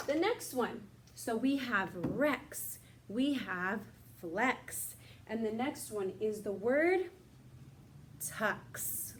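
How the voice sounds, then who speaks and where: A young woman teacher leading a recorded phonics lesson for young children, stretching out sounds slowly and cheering the kids on. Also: on the high side, slight background noise. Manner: slow, drawn-out sounding of words with cheerful prompts.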